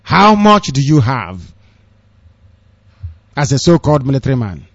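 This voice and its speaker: A man's voice: mid-range voice, sing-song, a little slow, fairly bright tone, no room sound. A man with a Nigerian accent giving a scornful, impassioned rant of political news commentary, with sarcastic asides. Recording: dull, dry lo-fi recording.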